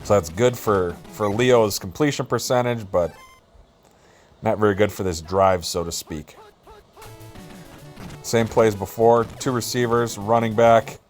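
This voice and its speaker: A man doing relaxed, jokey play-by-play commentary over a video football game, with self-deprecating asides. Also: on the low side, unhurried, long pauses, faint music behind.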